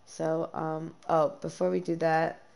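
A young woman streaming a life-sim game, chatting casually with lots of ums and quick bursts of dismay. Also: deep voice, little pitch movement, creaky, darkish tone, a little hiss or hum. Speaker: gameplay streamer. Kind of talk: casual gameplay commentary.

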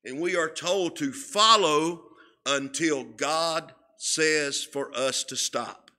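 A man teaching a Bible lesson in a church, deliberate and emphatic, leaning on each key word. His voice sits a little high for a man and has a bright, forceful edge. He talks very slowly. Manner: slow and emphatic, stretching key words, often repeating words. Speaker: Sunday school teacher. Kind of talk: sermon-style Bible lesson. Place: church sanctuary.

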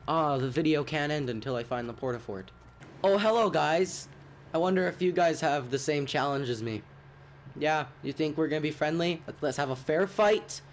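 A man giving casual gameplay commentary, rambling and swearing, with sudden loud outbursts. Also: on the high side, brisk, a little hiss or hum. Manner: profane, rambling, jumpy outbursts. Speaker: gaming YouTuber.

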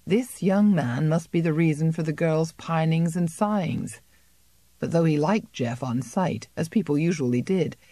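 A woman narrating an unabridged novel as an audiobook in a measured, even storytelling manner. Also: deep voice, no room sound. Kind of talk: scripted narration.

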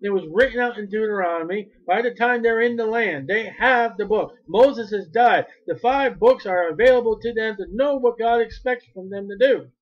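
A man's voice: high-pitched, moderate pace, hardly any pauses, lo-fi sound. A male preacher giving a fervent sermon, repeating his phrases and rising to cries when he quotes.

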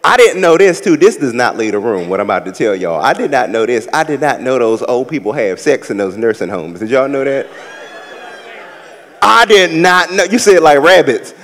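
A man from the American South doing a live stand-up set, with sassy, campy storytelling and loud acted-out asides. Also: mid-range voice, sing-song, moderate pace, big-room sound. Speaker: stand-up comedian. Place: large theater stage with a live audience.

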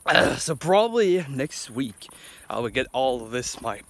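A man's voice: mid-range voice, big pitch swings, unhurried, fairly bright tone. A man vlogging while walking outdoors at night, rambling goofily and often correcting himself. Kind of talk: casual rambling vlog.

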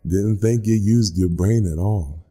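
A smug, faceless caller sneers from behind a black screen, as a man puts him on. His voice sits very low and husky, sarcastic and unhurried, a storybook villain who enjoys his secrets. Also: mellow, faint music behind. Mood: mocking. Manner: cool, mocking, unhurried. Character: mysterious anonymous male caller, sarcastic and smug. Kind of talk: horror story narration voice acting.

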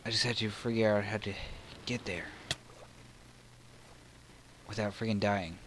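A Southern man with a lowish voice comments on his own game at an unhurried pace. He mutters between frustrated or excited outbursts, and a faint hum sits behind him. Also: low-quality recording. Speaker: gaming channel host. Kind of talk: let's play commentary.

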